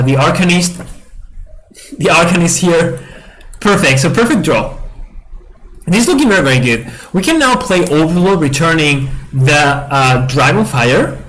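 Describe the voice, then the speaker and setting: A man's voice: on the high side, fairly bright tone, poor audio. A young man giving casual commentary on a digital card game, stammering through restarts and laughing apologetically at his opponent.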